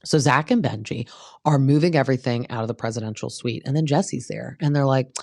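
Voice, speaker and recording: A woman's voice: very deep voice, a little fast, vocal fry, a little mellow, no room sound, clean studio sound. A woman hosting a podcast, recapping a reality show in a chatty, gossipy way, full of "like" and "um". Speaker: podcast host. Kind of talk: casual recap commentary.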